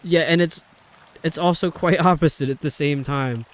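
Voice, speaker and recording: A man's voice: on the high side, moderate pace. Chatty man with a faint New York accent. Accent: faint New York metropolitan. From New York City metropolitan area. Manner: chatty and rambling, laughs often. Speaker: streamer. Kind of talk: casual chat while playing a video game.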